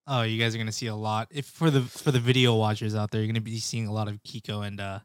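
A man's voice: fairly low pitch, little pitch movement, quick pace, smooth, no echo, clean studio sound. A man co-hosting a podcast in casual chat, upbeat and slangy, calling people "bro" and "dude". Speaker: podcast co-host.

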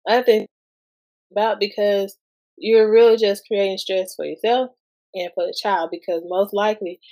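A woman's voice: mid-range voice, steady tone, moderate pace, dark tone, rough recording. A woman in her thirties hosting a podcast, talking casually about parenting and asking lots of rhetorical questions in loose everyday speech. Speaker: guest podcast host.

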